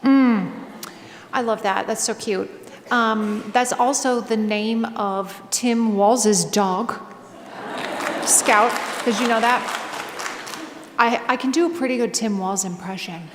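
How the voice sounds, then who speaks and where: Woman guest speaker, animated casual storytelling, higher voice, echoey hall. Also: slow pace, pauses often, crowd noise, background noise. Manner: chatty and animated, with many fillers. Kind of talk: casual storytelling talk before a live audience. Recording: echoey hall, faint ambience.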